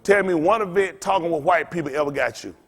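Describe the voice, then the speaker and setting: A male pastor with a notably high-pitched voice preaches in an informal, rambling way. He is blunt and freely profane, trading call-and-response with the congregation as he goes. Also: fast, gravelly.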